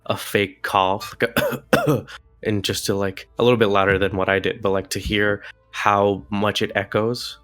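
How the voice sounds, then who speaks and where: A man's voice: on the low side, fairly even intonation, unhurried, fairly bright tone, soft background music. A man playing a tabletop game, explaining his moves in a rambling, filler-heavy way. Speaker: player. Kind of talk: casual role-play chat.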